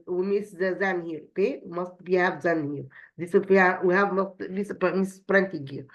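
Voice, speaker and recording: A woman teacher explains an English lesson, stopping and restarting often and posing questions only to answer them herself. Her voice sits at a middling pitch for a woman. The recording sounds dull and lo-fi. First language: Arabic. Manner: halting, repeats words, asks and answers her own questions.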